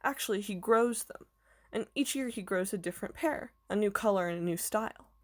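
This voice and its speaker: Woman reading eccentric old male professor, kindly, patient, storybook, mid pitch. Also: fairly quick, lightly acted. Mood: warm, explaining. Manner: gentle, explaining patiently.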